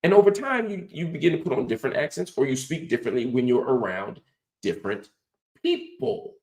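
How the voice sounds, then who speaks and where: A man's voice: medium pitch, big pitch swings, a little fast, gravelly, roomy sound. A man hosting a political commentary show, teaching in an emphatic, preacher-like cadence. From United States. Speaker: host.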